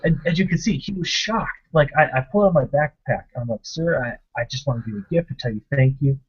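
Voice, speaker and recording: A man's voice: medium pitch, a little fast, husky. A young man casually telling a funny story from a gaming convention, acting out the quotes as co-host of a tabletop gaming show. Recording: dull lo-fi webcast audio.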